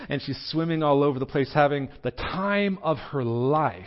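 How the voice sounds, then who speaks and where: A young adult man with a Southern American accent preaching a sermon, telling a personal story earnestly, with his voice rising and falling in pitch and loudness. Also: normal speed, hardly any pauses, dull audio. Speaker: pastor.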